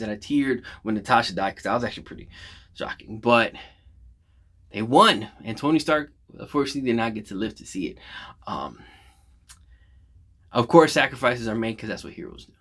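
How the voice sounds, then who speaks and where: A man's voice: lowish voice, a bit bright. Emotional, rambling man reacting to a film. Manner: emotional, rambling retelling with many fillers. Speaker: movie reaction vlogger. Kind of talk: casual spoken movie reaction.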